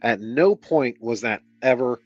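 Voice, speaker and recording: A man's voice: mid-range voice, lively intonation, unhurried, a little mellow. A man streaming himself reading a novel aloud, breaking off into exasperated, sardonic commentary full of swearing. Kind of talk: book reading with casual commentary. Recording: dull lo-fi audio, faint music.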